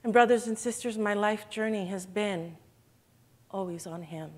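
A woman's voice: medium pitch, moderate pace, a little mellow. A woman giving an emotional, earnest church testimony in an event hall, addressing listeners as brothers and sisters.

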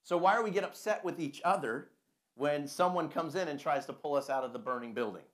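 A man's voice: a little high, a little fast, a bit bright. A man preaching a conversational sermon full of rhetorical questions.

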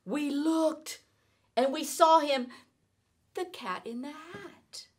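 A woman teacher reading a rhyming children's book aloud in an expressive, sing-song storytelling manner. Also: high-pitched, takes it slowly. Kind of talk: children's read-aloud narration.

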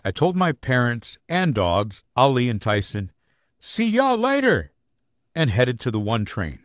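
A man narrating a first-person audiobook with an expressive storytelling delivery. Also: mid-range voice, moderate pace, dry recording, clean studio sound.

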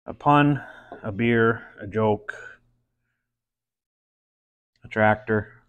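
A man's voice: lowish voice, drawn-out words, clean tone, phone-quality sound. A man hosting a casual beer-tasting show, trying a stout and telling a joke, laid-back and full of fillers and puns.

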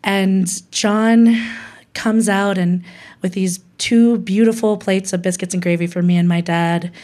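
A woman's voice: medium pitch, steady tone, unhurried, a little mellow. A young woman from Hawaii telling a candid personal story, laughing often and acting out what others said. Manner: candid, laughs often, quotes people with voices.

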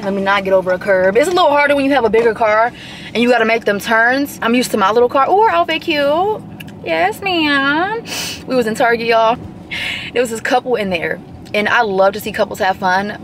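Young woman vlogger rambling and joking, kinda high voice. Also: brisk, fairly bright tone, slight background noise. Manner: chatty, joking storyteller. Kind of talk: casual chat.

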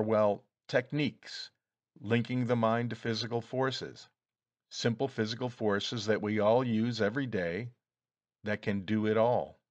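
A small, evasive man with a secret speaks in a lowish, slightly lifted voice, sheepish and then confiding, as a male reader puts him on. The sound is dry and close. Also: dry recording, dull audio, natural voice.

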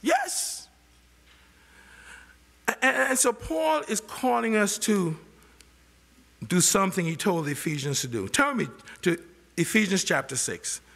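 Older guy preaching, high gravelly voice, asks the church to finish his lines, long echo from a big church hall. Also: animated, normal speed, fairly bright tone. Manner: asks the congregation questions and has them finish his sentences. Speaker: pastor. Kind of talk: sermon. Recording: long reverb of a large hall.

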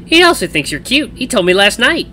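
A man voicing a teasing, energetic young woman, the playful sister, reading a visual novel aloud. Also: high voice, fairly quick, soft background music, pitched above the performer's own voice, heavily acted. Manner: bouncy, teasing, loud.

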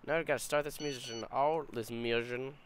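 A man commenting on his own gameplay into a desktop mic, casual and full of swearing and frustrated grumbles. His voice sits in a middle range, with game sounds clearly audible behind him. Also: mid-range voice, fairly even intonation, moderate pace. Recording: game audio noise behind.

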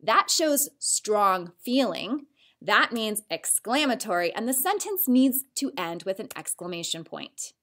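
Lively teacherly woman explaining step by step. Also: mid-range voice, normal speed. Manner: clear, patient, step-by-step explaining. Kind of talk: classroom grammar lesson.

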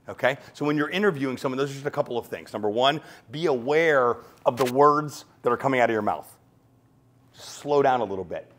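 Man in a mid range, upbeat teaching talk, brisk and animated. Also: medium pitch. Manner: fast, animated, acts out quoted exchanges. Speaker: podcast coach. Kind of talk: energetic talk to an audience.

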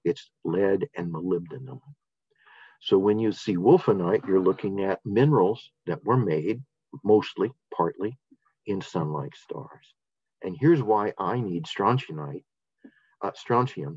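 A man's voice: deep voice, a little mellow, slightly rough, no room sound. An older man presenting a science lesson in an enthusiastic, casual manner, with fillers and restarts. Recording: dull, dry lo-fi sound.

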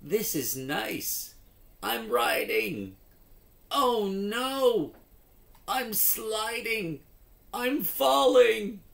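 Guy doing a squeaky excited little boy, voice jumping all over, slow storybook read. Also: creaky, exaggerated voice. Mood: panicky. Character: excitable young boy learning to ride. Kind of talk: dramatic phonics story reading.

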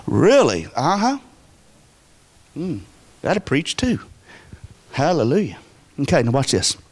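A man preaching a sermon as pastor, folksy and emphatic, with wide swings of pitch and volume. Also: huge pitch swings, takes it slowly, pauses often, slightly rough.

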